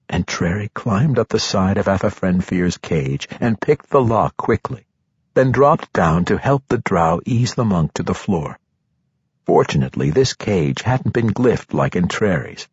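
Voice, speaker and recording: Deep, husky male audiobook narrator. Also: lively intonation, a little slow, no echo. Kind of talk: scripted fantasy narration. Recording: dull lo-fi recording.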